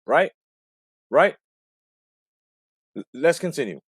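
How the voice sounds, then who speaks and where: A man hosting a boxing talk show, breaking down a clip with profane, animated commentary and rhetorical questions. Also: a little high, takes it slowly, a little hiss or hum.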